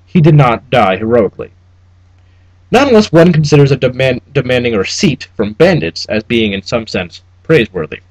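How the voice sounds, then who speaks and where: A man reading an audiobook aloud in an expressive, wry narration style. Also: mid-range voice, moderate pace, no echo, rough recording. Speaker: audiobook reader.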